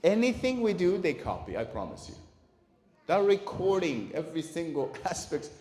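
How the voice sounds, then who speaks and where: A man giving a talk on parenting to an audience. He is lively, asks the room questions and acts out the voices of parents and children. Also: on the high side, moderate pace. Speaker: lecturer at a community centre. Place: community centre hall. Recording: echoey hall.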